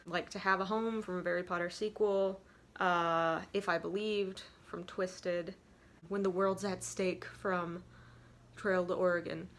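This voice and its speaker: A woman's voice: lowish voice, fairly even intonation, a little slow, a bit bright. A young woman vlogger talking casually and self-deprecatingly, full of "like" and asides. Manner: rambling, self-deprecating, frequent "like". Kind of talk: casual confessional tips.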